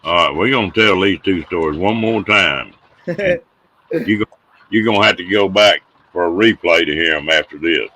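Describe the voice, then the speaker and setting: A middle-aged man with a drawl hosts a casual show and tells tall tales. His voice sits very low, with a bright, forceful tone. He tells his folksy yarns with a laugh close behind. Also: expressive, moderate pace. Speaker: host telling stories. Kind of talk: casual storytelling on a live show.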